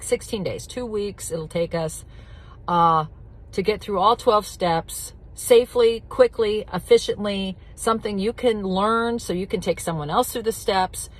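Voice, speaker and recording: A middle-aged woman coaching addiction recovery, talking bluntly and directly, with emphatic repetition and casual swearing. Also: medium pitch. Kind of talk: casual teaching talk to camera.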